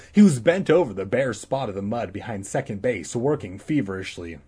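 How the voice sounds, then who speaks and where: A man's voice: on the low side, expressive, a little fast, few pauses, dark tone, slightly rough. A man casually reading a children's book aloud, irreverent, stumbling and correcting himself. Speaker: reader.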